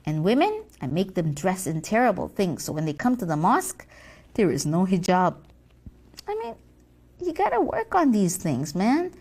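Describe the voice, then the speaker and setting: A woman's voice: lowish voice, sing-song, moderate pace, a little mellow, husky, pitched below the performer's own voice, full character voice. A woman playing a gloating, scornful devil boss. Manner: gloating, scornful, theatrical whispers. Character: boastful scheming devil boss, mocking and bossy. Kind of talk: comedy sketch acting.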